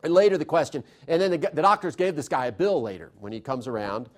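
A man lecturing an audience on constitutional theory in a lively, conversational way, often putting questions to the listeners. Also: a little high, fast talker.

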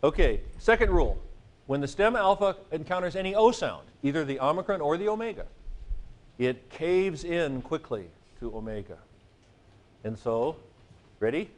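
A man's voice: on the high side, expressive, normal speed. A man lecturing a class on grammar, joking and playful, now and then singing vowel sounds to make a rule stick. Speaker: Greek teacher.

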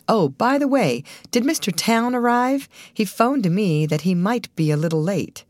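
A woman reading the lines of a brisk male film company manager in an audiobook. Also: mid-range voice, expressive, a little mellow, dry recording, voice pushed up, lightly acted. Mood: businesslike.

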